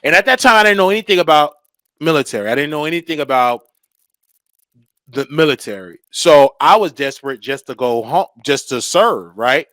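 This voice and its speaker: A young man hosting a show, telling a comedic story in an animated way and acting out the voices. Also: on the high side, normal speed, no room sound. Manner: animated, acts out voices, laughs between lines. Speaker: show host.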